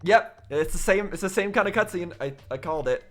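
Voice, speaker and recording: Faint music plays behind a man's high, expressive, fairly quick voice as he plays a story game blind for the first time. This gaming host puzzles aloud through his commentary, often starting sentences over.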